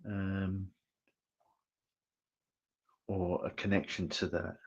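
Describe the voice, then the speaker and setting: A deep-voiced man works as a medium in an online church service, passing on messages in a slow, unhurried way. He pauses often and keeps checking in with his listener in a gentle, reassuring tone. The sound is dull and lo-fi, like an online stream. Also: completely flat delivery, creaky. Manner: halting and hesitant, checking in with "okay?". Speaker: spiritualist medium.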